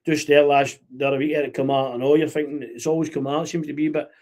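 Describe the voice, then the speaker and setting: A Scottish man hosting a podcast, telling animated football stories in casual chat, full of fillers and restarts. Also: fairly high pitch, fast talker. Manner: animated storyteller with many fillers. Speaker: podcast host.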